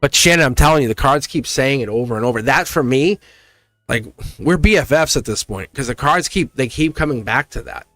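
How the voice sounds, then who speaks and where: A man hosting a live tarot reading, talking in a chatty, excited way, laughing often and acting out voices as he reads the cards. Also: medium pitch, brisk, no echo, soft background music.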